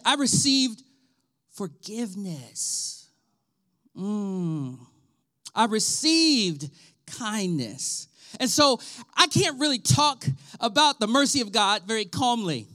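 A pastor in his thirties preaches a sermon in a high, bright, forceful voice. He is animated and emphatic, breaks into laughter, and speaks straight to the congregation. His delivery swings from quick asides to slow, stretched-out scripture lines. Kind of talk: livestreamed sermon.

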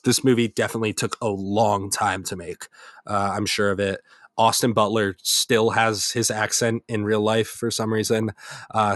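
A man's voice: lowish voice, fairly bright tone, no room sound, studio quality. A young man co-hosting a casual film podcast, rambling and correcting himself as he talks. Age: young adult. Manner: rambling, self-correcting, laughs easily. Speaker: podcast co-host. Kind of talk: casual film review chat.

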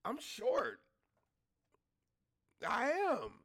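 High, gravelly-voiced man ranting. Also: wildly swooping pitch, drawn-out words, a bit bright. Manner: blunt, exasperated, heavy swearing. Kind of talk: profane casual rant.

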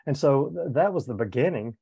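Man, 70s, former pastor, earnest candid storytelling, mellow voice, dry sound. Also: medium pitch, lively intonation, a little fast, gravelly, breathy edge, no room sound. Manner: earnest, candid, with frequent restarts. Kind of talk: reflective personal storytelling in conversation.

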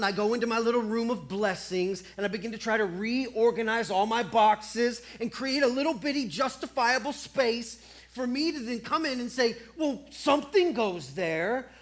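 Male preacher, theatrical sermon delivery, sharp loud-to-quiet swings, repeats phrases and plays out short dialogues. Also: high-pitched. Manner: dramatic, swings between loud outbursts and hushed lines; acts out little dialogues and repeats phrases for effect.

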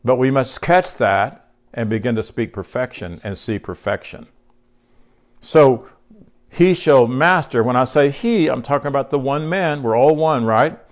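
A pastor delivers a folksy, conversational sermon at a normal speed and medium pitch, reading scripture aloud and repeatedly asking the congregation questions. He is short on sleep.

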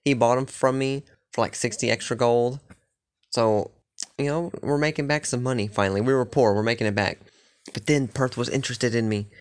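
A man talks through his latest session of a fantasy game in a loose, rambling way. He curses often and leans on filler words, at an ordinary middle pitch. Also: fairly even intonation, brisk. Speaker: gamer recapping a playthrough. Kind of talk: casual chat.

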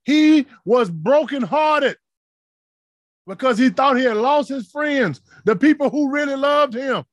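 Preaching a sermon with fervor, a man speaks in an unusually high register, building to shouted peaks before falling back to murmurs. His intonation is lively and his pace a little slow. The recording is dry and close, with no room sound.

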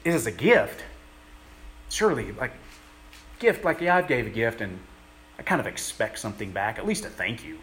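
A man giving a conversational sermon, earnest and plain-spoken, pausing often as he works through his thoughts. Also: mid-range voice, sing-song, a bit bright. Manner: earnest, plain-spoken, halting with many pauses. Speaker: preacher.

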